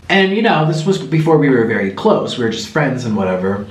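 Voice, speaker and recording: Speaking briskly with few pauses in a mid-range voice, a young man eats on camera and spins animated stories mid-bite. The casual chat comes through a somewhat distant mic in an echoey room with a little hiss or hum.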